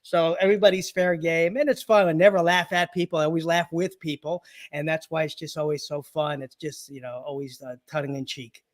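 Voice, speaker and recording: High-voiced joking man telling stories. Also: steady tone, fairly quick, hardly any pauses. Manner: jokey anecdotes, acts out patients' voices, laughs often. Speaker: guest, chiropractor and comedian. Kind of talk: storytelling interview.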